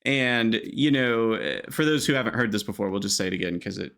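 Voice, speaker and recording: A man's voice: lowish voice, brisk, vocal fry, fairly bright tone. A man co-hosting a podcast in casual chat, articulate and analytical, prone to short tangents. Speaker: podcast co-host.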